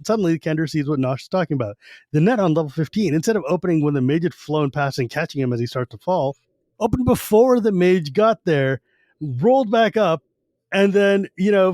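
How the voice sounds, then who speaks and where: A man with a slightly higher voice talks through a fantasy book on a podcast, recapping scenes in a loose, casual way. He drops in quick character lines as he goes. The sound is dry and close to the mic. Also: darkish tone, dry recording. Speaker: podcast co-host.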